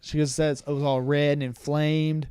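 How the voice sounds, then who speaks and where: A young man tells a story on a casual podcast, his voice smooth and clear and pitched a little high. He pauses often on "um" while he quotes other people's lines. The recording is dry and close, with no room sound. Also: level tone, mellow, dry recording. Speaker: podcast co-host retelling a story.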